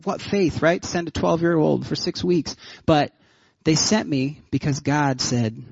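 A man pastor giving a sermon, telling stories with lively energy and frequent laughter, then closing in prayer. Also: fairly high pitch, unhurried, creaky, breathy edge, no echo, highs cut off. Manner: animated storytelling, laughs often.

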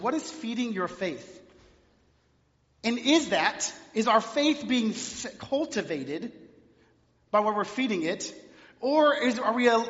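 A man's voice: high-pitched, a bit bright. A man preaching a sermon in a church, telling stories in a chatty, filler-heavy way. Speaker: pastor. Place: church sanctuary. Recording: long reverb, dull lo-fi sound.

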